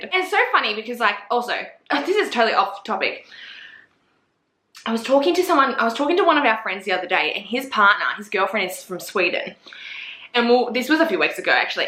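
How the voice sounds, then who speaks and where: A young Australian woman with an Australian accent, chatting casually and profanely about books to camera, animated and gossipy. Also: a little high, a little fast, reverberant. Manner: profane, gossipy and animated, acting out her own reactions. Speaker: book reviewer. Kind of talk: casual book chat to camera.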